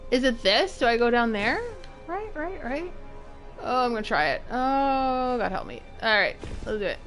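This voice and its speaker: A woman's voice: fairly high pitch, lively intonation, normal speed, fairly bright tone. Woman streamer rambling over her game, voice bouncing all over, faint music behind. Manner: chatty, rambling, jumpy nervous exclamations. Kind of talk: casual gameplay commentary.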